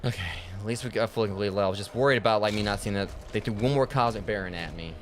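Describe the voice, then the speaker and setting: A man's voice: lowish voice, very fast, a little hiss or hum. A young man casually commenting on his gameplay, joking and talking back to the characters. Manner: jokey, talks back to game characters. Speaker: gaming streamer.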